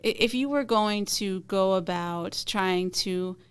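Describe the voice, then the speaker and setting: A woman hosting an interview who asks questions in a measured, searching way. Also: medium pitch, clear, resonant tone. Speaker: podcast host.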